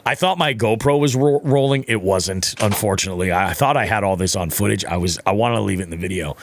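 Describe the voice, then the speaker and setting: Talking fast in a fairly low voice, a young podcast speaker casually recounts a fishing story over slight background noise. He swears freely and brings it to life by acting out others' quotes.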